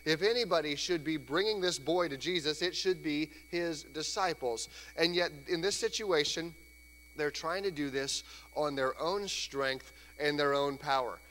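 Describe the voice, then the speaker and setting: A man preaching a sermon in a church, conversational and lively, sometimes acting out voices. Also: a little high, unhurried. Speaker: pastor. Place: church sanctuary. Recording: church hall reverb, faint hum.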